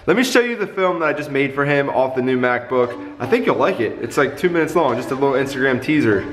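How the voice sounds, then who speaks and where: A man talking casually to his camera for a daily vlog, chatty and loose, with quick apologetic asides. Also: mid-range voice, lively intonation, soft background music. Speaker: vlogger.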